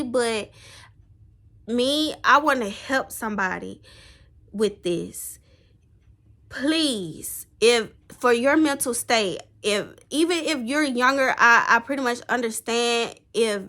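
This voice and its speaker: A woman's voice: on the high side, sharp tone. A young woman talking to the camera in a rambling, heartfelt personal vlog. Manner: rambling, heartfelt, tearful at times. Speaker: vlogger.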